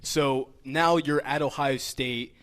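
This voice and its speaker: A man hosting a studio podcast, asking a guest questions in a relaxed, loose way. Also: mid-range voice, slow. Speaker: podcast host. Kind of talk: casual interview questions.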